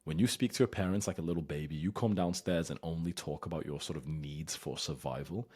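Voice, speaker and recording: Blunt, husky low-voiced young man. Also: fairly quick, darkish tone. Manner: blunt, swears freely, acts out whiny childish voices. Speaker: host. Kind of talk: casual advice talk.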